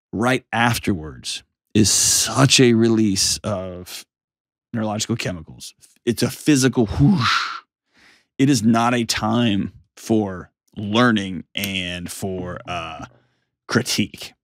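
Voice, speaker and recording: A man's voice: medium pitch, no room sound, clean studio sound. A middle-aged man hosting an advice show, talking casually and acting out quoted voices. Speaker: host.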